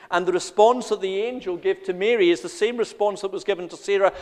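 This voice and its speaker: High-voiced preacher in reverberant church. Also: male voice, fast, hardly any pauses. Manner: animated, swinging from loud emphasis to quiet intensity, laughing. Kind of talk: sermon.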